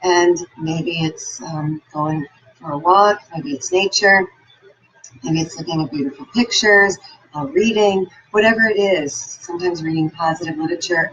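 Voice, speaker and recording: Woman, motivational speaker, upbeat storyteller; slightly muffled recording with a faint hiss. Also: deep voice. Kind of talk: motivational talk with personal stories.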